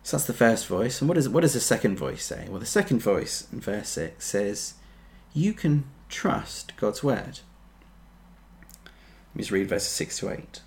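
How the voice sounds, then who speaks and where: A man preaching a sermon, earnest, building to emphatic peaks and then dropping soft. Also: fairly low pitch, sing-song, unhurried, gravelly.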